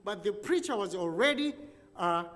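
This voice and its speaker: A male preacher telling a story in a sermon, with animated, dramatic delivery. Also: high voice, normal speed. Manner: animated, dramatic storytelling with sudden drops and rises. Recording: long church reverb.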